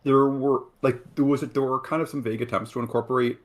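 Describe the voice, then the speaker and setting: Guy co-hosting, kinda halting, thinks out loud, mid voice. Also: medium pitch, steady tone. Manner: hesitant, thoughtful, restarts. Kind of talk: casual chat.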